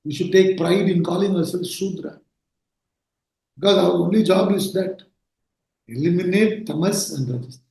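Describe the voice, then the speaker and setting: A man giving an earnest discourse on scripture, stressing his points with rhetorical questions. His voice sits fairly high for a man. It is caught in a room with a strong, ringing echo. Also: normal speed, vocal fry, long pauses, darkish tone. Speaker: spiritual teacher. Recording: very echoey room.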